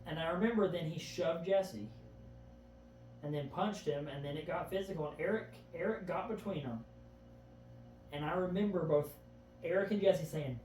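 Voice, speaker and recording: In a slightly high, somewhat mellow voice at normal speed, a podcast guest earnestly shares vivid recollections during a casual chat, frequently starting with "I remember." Distance from the mic, an echoey room and a faint background hum color the sound.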